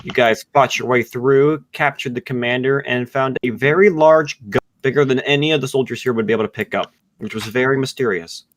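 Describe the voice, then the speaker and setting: A man's voice: medium pitch, brisk, hardly any pauses, no echo. A man running a tabletop game as game master, recapping in an easygoing, loose way. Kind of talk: casual game narration over voice chat.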